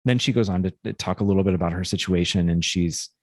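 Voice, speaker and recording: Man, very low voice, dry close sound, podcast co-host, thoughtful, halting storytelling. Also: no room sound. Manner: thoughtful, halting, many restarts. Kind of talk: casual storytelling chat.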